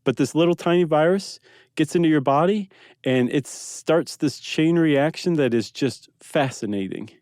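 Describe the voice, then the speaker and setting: A man's voice: a little high, normal speed, a little mellow, no echo, studio quality. A man co-hosting a podcast, explaining facts in curious, conversational casual chat. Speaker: podcast co-host.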